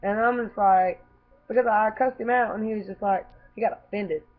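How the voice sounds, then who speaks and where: A woman's voice: medium pitch, fairly even intonation, moderate pace. A young woman who is sick with a cough, bluntly telling a story to camera, swearing freely. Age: young adult. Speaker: vlogger. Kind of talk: casual storytelling. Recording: tinny phone-like recording.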